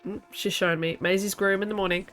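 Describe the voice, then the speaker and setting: A woman's voice: medium pitch, steady tone, fast talker, a bit bright, faint music behind. A woman with a New Zealand accent chatting casually to her viewers while streaming a game, laughing often. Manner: chatty, laughs often, talks to chat and herself. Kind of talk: casual chat while playing.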